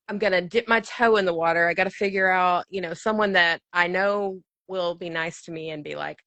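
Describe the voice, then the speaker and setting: A woman in her thirties hosting a podcast in a casual chat, quick and chatty and laughing often. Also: fairly low pitch, a bit bright, no room sound. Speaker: podcast host.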